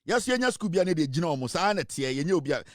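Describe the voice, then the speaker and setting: Rapid-fire and full of big pitch swings, a high-leaning male voice with a Ghanaian accent carries this casual commentary on an online talk show. He repeatedly teases viewers with rhetorical questions and slips between English and Twi, with clean, echo-free studio sound.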